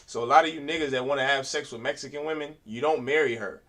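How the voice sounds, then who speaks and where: A man teaching a class in an emphatic preaching style, asking rhetorical questions and rising to loud, forceful delivery. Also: mid-range voice, fast talker. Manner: uses rhetorical questions and quoted voices.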